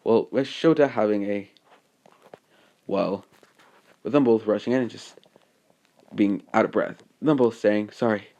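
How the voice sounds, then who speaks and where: A man casually narrating an improvised fan story, rambling and halting, with many fillers and self-corrections. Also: on the low side, vocal fry, mellow, lo-fi sound.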